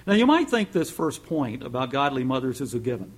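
A man preaching a sermon in an earnest manner, rising to emphatic peaks and dropping to soft asides. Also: medium pitch, very animated, a little fast, slightly rough. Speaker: pastor.

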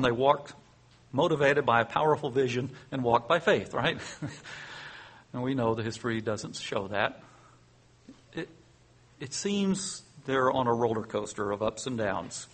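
A man delivering a sermon, reading scripture and acting out the story with growing excitement. His voice is husky and sits a little high, and he chuckles often between casual asides. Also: normal speed. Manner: reads scripture aloud and dramatizes it with rising excitement, chuckling often; conversational, asides with fillers and self-corrections. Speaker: preacher. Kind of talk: sermon, Bible teaching.

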